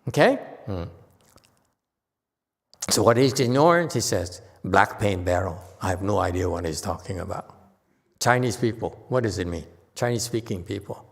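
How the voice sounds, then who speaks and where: A man giving an unhurried dharma lecture as a Buddhist teacher, often pausing to check in with his listeners. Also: lowish voice, expressive, vocal fry. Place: temple hall. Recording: long hall reverb.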